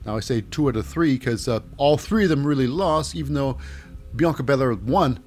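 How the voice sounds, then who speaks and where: A man's voice: medium pitch, moderate pace, a little mellow, faint music behind. A man casually recapping a wrestling show, jokey and rambling with lots of fillers.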